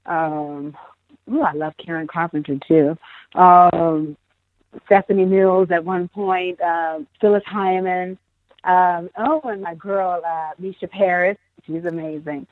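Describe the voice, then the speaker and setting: A woman, a singer guest, chatting casually in an interview, laughing often and talking in quick bursts. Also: fairly low pitch, fairly even intonation, no echo, phone-quality sound.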